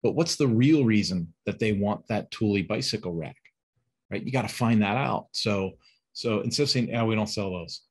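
A man's voice: fairly low pitch, expressive, moderate pace, slightly rough. A man teaching a webinar, coaching staff directly, asking rhetorical questions and acting out sample phone calls. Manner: acts out phone calls in quoted voices. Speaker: sales and service trainer. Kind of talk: webinar instruction.

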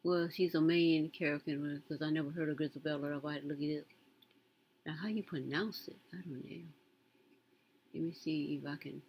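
A woman's voice: sits low, fairly even intonation, fairly quick, darkish tone, slight background noise, low-quality recording. A woman, casually commenting on a news story as she browses, muttering to herself and reading aloud with emphasis. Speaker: content creator reading news.

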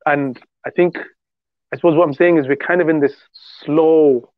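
A man's voice: fairly high pitch, fairly even intonation, brisk, no room sound. Male co-host, casual rambling teller, phone-quality dry audio. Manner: rambling storyteller with many restarts. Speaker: podcast co-host. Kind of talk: casual religious discussion. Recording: tinny phone-like dry sound.

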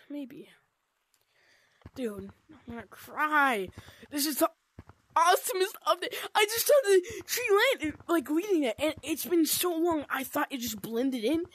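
A woman giving excited gameplay commentary, gushing and squealing, with "oh my gosh" and "dude" constantly. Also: high-pitched, dry recording. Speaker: gaming video creator.

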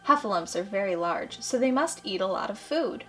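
A woman's voice: mid-range voice, expressive, normal speed, sharp tone, faint music behind. A woman voicing a small, timid male piglet in a storybook reading, with anxious, stammering speech. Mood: excited.

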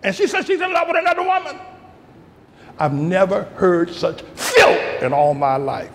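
An older man preaching a fiery sermon as pastor, breaking into laughter and shouting at the high points. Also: huge pitch swings, moderate pace, a little hiss or hum. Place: large church hall. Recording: echoey church hall.

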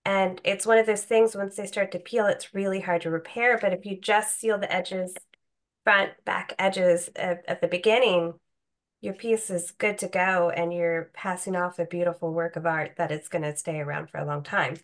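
A woman's voice: lowish voice, steady tone, normal speed. A woman hosting a drawing session on a video call, chatting casually and encouraging the others. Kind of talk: casual chat.

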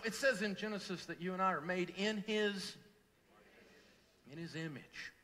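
Middle-aged preacher guy, bright ringing voice, big hall echo, goes loud then real quiet. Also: high voice, normal speed, pauses often. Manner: emotional storytelling, swings from loud to hushed. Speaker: pastor. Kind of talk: sermon. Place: large church hall.

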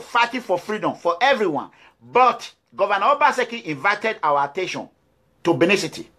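A man with a Nigerian accent speaks in a high, bright, forceful voice. He gives a fiery, defiant address to his followers and hammers home his points with repeated declarations. It has the sound of an activist's impassioned video message. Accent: Nigerian English. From Nigeria (Edo State).

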